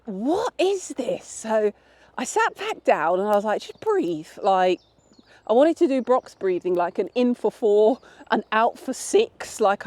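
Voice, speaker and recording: A woman's voice: mid-range voice, a little mellow, no echo. Chatty woman, dry close sound. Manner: chatty, candid, rambling with restarts. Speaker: vlogger. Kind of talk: casual chat. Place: outdoors on a path.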